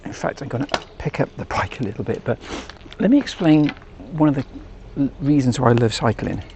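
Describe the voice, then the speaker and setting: A man's voice: medium pitch, animated, brisk, dull audio, background noise. A man with an English accent vlogging to camera while cycling on country roads, chatty and rambling with jokey asides. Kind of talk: casual talk to camera while riding. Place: outdoors on country roads on a bike.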